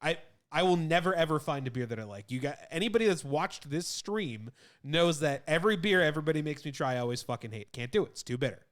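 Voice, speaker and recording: A man's voice: fairly high pitch, expressive, quick pace. A man co-hosting a casual podcast, bluntly giving strong opinions about food. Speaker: podcast co-host. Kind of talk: casual chat.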